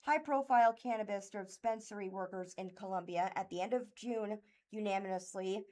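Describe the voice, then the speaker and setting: A woman reading local news articles aloud for a radio reading service, halting and stumbling over names and words. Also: medium pitch, mellow. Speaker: volunteer news reader. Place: thrift store.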